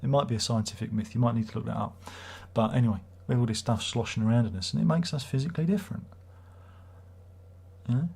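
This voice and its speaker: A man's voice: mid-range voice, fast, gravelly, a little mellow, breathy edge. A man hosting a casual livestream, rambling and swearing as he reads viewer comments aloud. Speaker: livestream host.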